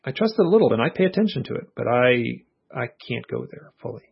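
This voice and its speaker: A man, an author being interviewed, earnestly retelling a personal experience in a reflective, animated way, with his inner thoughts voiced as quotes. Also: mid-range voice, fast, creaky, husky. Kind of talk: casual conversational storytelling. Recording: muffled lo-fi audio.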